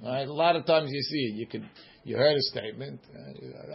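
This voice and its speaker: A man's voice: mid-range voice, fairly quick, creaky, breathy edge, lo-fi sound. A man teaching a Talmud class, reading the Aramaic in a sing-song study chant and explaining it in English.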